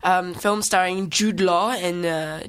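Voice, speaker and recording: A woman's voice: fairly low pitch, fairly even intonation, takes it slowly. Chatty woman reviewing films. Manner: chatty, laughs often, rambling retelling. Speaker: film review co-host. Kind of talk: casual chat.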